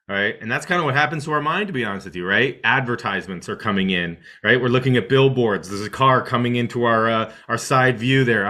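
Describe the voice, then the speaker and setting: A man teaching a meditation lesson through an extended metaphor, animated and acting out inner thoughts, often checking in with "right?". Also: normal speed. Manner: animated, acts out inner voices with rising pitch.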